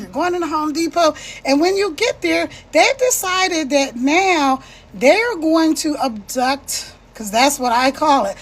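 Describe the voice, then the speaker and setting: A woman giving an impassioned monologue, checking in with her listeners again and again. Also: sits high. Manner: passionate, repeats "right?" to check in with listeners.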